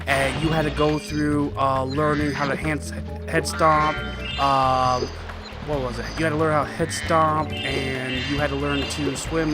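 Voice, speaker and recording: Enthusiastic man commenting on gameplay. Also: fairly high pitch. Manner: enthusiastic, chatty, addresses viewers as guys. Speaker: let's-play host. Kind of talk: video game commentary. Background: game music.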